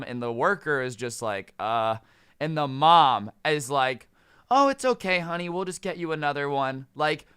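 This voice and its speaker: A man's voice: medium pitch, bright, forceful tone, smooth, no echo, clean studio sound. A man telling a storytime vlog in a casual, joking, sarcastic way. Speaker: storytime YouTuber.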